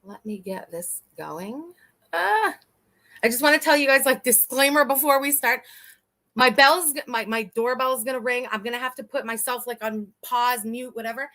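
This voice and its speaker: Woman streamer, casual commentary, slightly high and bright, laughs and curses a lot. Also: moderate pace. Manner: chatty, laughs often, swears freely, talks to chat. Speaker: live-stream host.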